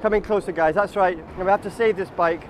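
A man's voice: high-pitched, steady tone, fast, slight background noise. A man leading a walking group outdoors on a city street, telling chatty, absurd comic stories and calling everyone guys. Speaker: comic tour guide.

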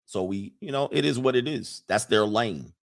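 A man's voice: medium pitch, animated, moderate pace, gravelly. A man hosting a casual livestream, talking emphatically with many fillers and restarts and reading chat comments aloud.

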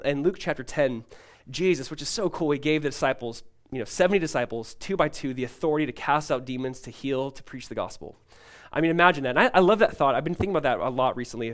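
A pastor preaching a sermon in a lively, conversational way. He uses casual asides, jumps into excited bursts when quoting people, and drops low and quiet for earnest points. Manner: animated and conversational, with many "like" asides and quick restarts; voices quoted people with sudden high excited bursts.

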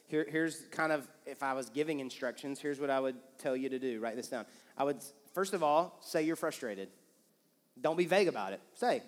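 A man preaching to a congregation, casual and animated, acting out quoted lines as he talks. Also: mid-range voice, brisk. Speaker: pastor. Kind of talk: sermon with couple's banter. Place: church auditorium. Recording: long reverb of a church hall.

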